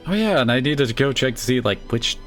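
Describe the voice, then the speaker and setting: A man's voice: medium pitch, lively intonation, fast talker, soft background music. A man streaming a video game, in casual let's-play commentary, thinking aloud and rambling with many "like"s.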